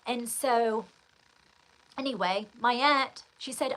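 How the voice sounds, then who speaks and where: A woman's voice: fairly high pitch, unhurried, fairly bright tone, low-quality recording. A middle-aged woman hosting her own show, telling a personal story in a rambling, emphatic way with many restarts. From United States. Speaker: host.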